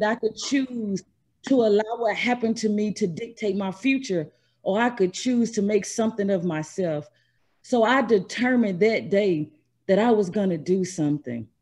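A woman from Mississippi speaks over a video call, telling her own story in an earnest, measured way. She leans on key words with steady emphasis. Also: medium pitch. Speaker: storytelling speaker, trauma specialist. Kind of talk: personal story told at an online event.

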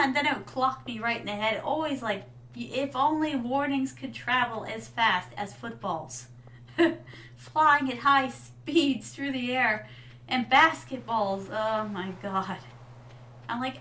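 A woman's voice: high-pitched, unhurried, a bit bright, distant mic, soft background music. A woman streaming a farming game, chatting casually and calling her viewers darlings. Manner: chatty, reads game lines aloud, addresses chat as darlings. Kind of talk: casual gameplay chat.

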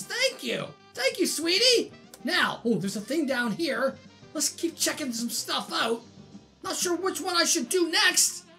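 A woman gamer narrating her own play with excitable, exclaiming reactions. Her voice is very high and swoops around a lot, though she talks unhurriedly. Loud game music plays under her. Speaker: gaming channel host. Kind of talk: let's play commentary.

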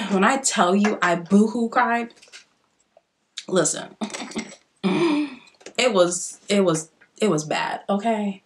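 A young woman in casual get-ready-with-me vlog chat, chatty and expressive, often talking straight to her viewers. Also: mid-range voice. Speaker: beauty vlogger.

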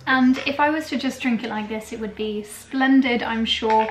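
A young British woman with a slightly high voice chats in a bubbly, giggly way while she makes a drink in her kitchen. She talks to her viewers casually and throws in playful made-up words. The kitchen gives her voice a roomy echo, with a faint hum in the background. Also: moderate pace, hardly any pauses. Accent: British English. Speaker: lifestyle vlogger. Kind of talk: casual kitchen vlog chat. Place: home kitchen.

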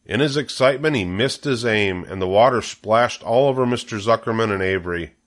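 Grandpa reading a kids book aloud, low voice, steady and gentle. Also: male voice, fairly quick. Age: older. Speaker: storybook reader. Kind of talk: reading a children's novel aloud.

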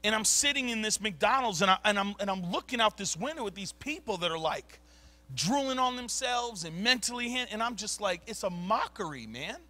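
A man preaching a sermon, telling stories in casual slang and swinging from low mutters to loud bursts. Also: animated, fairly quick. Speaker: pastor. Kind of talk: sermon storytelling. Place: church sanctuary.

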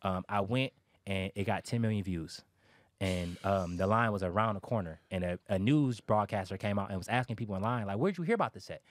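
A man's voice: lowish voice, brisk. A man in his thirties telling his life story in a casual interview, candid and emphatic, swearing freely.

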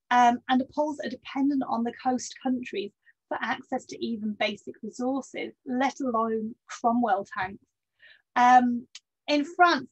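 A woman delivers a history lecture in a higher-pitched, slightly husky voice, steady and measured, with many ums and the odd dry aside. The sound is dull and lo-fi. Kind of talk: public history talk.

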